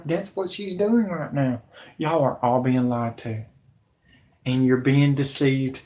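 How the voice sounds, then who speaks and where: A man's voice: medium pitch, measured pace. A man in his late thirties hosting his own channel, delivering a heated, repetitive, confrontational political rant. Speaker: channel host.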